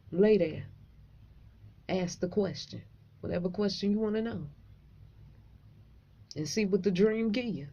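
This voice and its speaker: A woman vlogger, telling a dream story casually, profane and animated. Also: mid-range voice, muffled recording.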